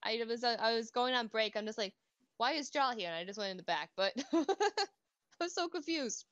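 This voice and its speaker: A woman's voice: fairly high pitch, brisk, pushed and bright, clean tone, no echo. Giggly woman co-host, lo-fi sound. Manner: giggly, laughs often. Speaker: podcast co-host. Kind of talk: casual chat. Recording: dull, lo-fi, dry sound.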